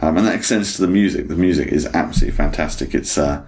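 Man, very deep voice, casual game review chat, upbeat, laughs often. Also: fast, a little mellow, slight background noise. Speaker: game podcast co-host.

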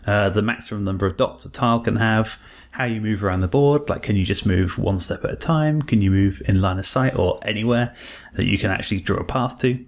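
A man co-hosting a podcast in casual chat, easygoing and quick to laugh, with hesitant fillers. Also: lowish voice. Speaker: podcast co-host.

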